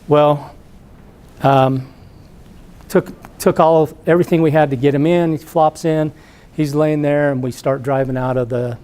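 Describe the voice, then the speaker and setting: A middle-aged man, an entrepreneur, giving a talk to students as an animated storyteller who acts out the voices. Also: mid-range voice. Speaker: entrepreneur guest speaker.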